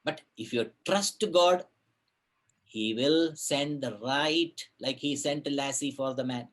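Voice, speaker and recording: A man giving a spiritual discourse, telling a parable in an animated way and acting out the characters' voices. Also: medium pitch, slow. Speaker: spiritual speaker.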